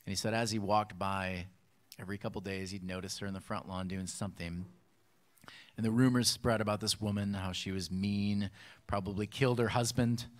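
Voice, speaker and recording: Male pastor, lowish voice, animated storyteller, acts out voices in a sermon. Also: brisk.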